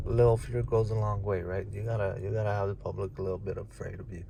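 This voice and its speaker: A man's voice: fairly low pitch, little pitch movement, fast talker, gravelly. A man ranting bluntly and profanely into a handheld phone outdoors, talking casually to his viewers. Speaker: vlogger. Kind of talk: casual rant to camera. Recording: loud traffic noise outdoors.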